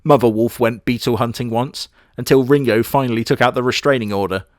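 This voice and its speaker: A man's voice: mid-range voice, fairly quick, no room sound, studio quality. A man giving crude, sarcastic comedic commentary on an anime, full of mocking asides. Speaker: anime reviewer.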